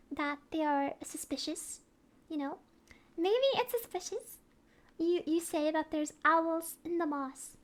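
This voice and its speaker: A young woman, hosting a playful, mock-serious comedic explainer as a virtual streamer. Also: very high-pitched. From Norway. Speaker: vtuber streamer.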